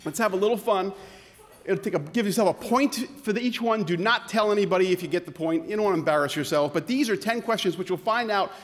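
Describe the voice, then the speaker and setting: A man with a fairly high voice delivers a sarcastic, punchy keynote to a conference audience. His voice rings out with a long reverb through a large hall. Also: quick pace. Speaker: keynote speaker, physician. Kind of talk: comedic keynote talk.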